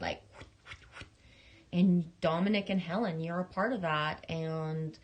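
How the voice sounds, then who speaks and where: Halting, rambling woman livestreamer. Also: low voice, steady tone. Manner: halting, rambling, with many restarts and swearing; affectionate, talking straight to viewers. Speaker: livestream host. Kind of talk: casual livestream chat reading viewer messages.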